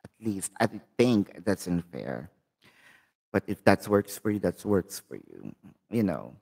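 A man with a Filipino accent reads tarot cards live and talks straight to his viewers in a chatty, direct way. His pitch swings widely, and he takes his time between phrases. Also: sing-song, unhurried, gravelly, darkish tone, slightly rough. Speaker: tarot reader and channel host. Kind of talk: live-streamed tarot reading, casual talk to viewers.

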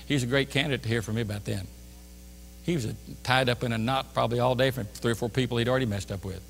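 A man's voice: mid-range voice, steady tone, quick pace, gravelly, a little hiss or hum. A man preaching a sermon as a pastor, telling a story animatedly and acting out both sides of a store exchange. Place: church sanctuary. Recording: church hall reverb.

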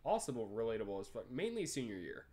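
A twenty-year-old gaming YouTuber gives laid-back, profanity-filled commentary on a game, reading the dialogue choices aloud and swearing freely. His medium-pitched voice is mellow, very animated, and fast.

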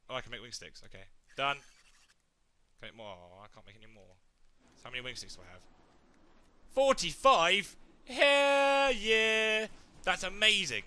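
Jokey lad playing a game. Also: male voice, medium pitch, slight background noise. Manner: jokey, chatty, excitable. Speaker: let's play gamer. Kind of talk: casual game commentary.

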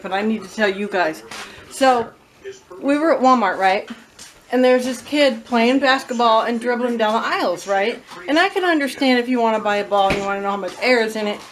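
A woman filming herself at home, telling a story-time vlog in a chatty, animated, blunt way. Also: on the high side, background noise. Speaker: vlogger. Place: at home with her cats. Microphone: own phone or camera, self-filmed.

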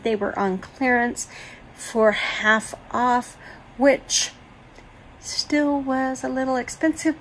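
Woman beauty vlogger, slightly high voice with a gravelly edge, unhurried chatty delivery, faint room noise. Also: rough recording. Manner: chatty, gushing over products. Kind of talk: casual makeup collection walkthrough.

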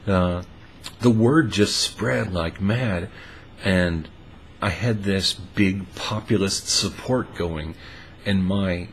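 Laid-back low-voiced male storyteller. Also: slow, a little hiss or hum. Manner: laid-back and amused, lots of "uh" fillers. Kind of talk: casual personal storytelling.

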